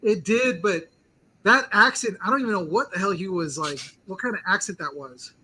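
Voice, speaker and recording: His voice sits high and sounds sharp and slightly rough, moving at normal speed in a rough recording. As host of a laid-back pop-culture show, he rambles eagerly and says "like" constantly.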